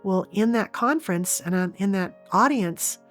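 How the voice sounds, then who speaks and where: A woman's voice: medium pitch, expressive, normal speed, soft background music. A middle-aged woman from Oregon, an interview guest telling a personal story earnestly, with frequent restarts. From Oregon, USA.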